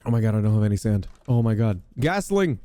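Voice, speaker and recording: A young man hosting a podcast, giving loud, excitable gaming commentary with casual swearing. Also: lowish voice, fast, no room sound. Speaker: podcast host.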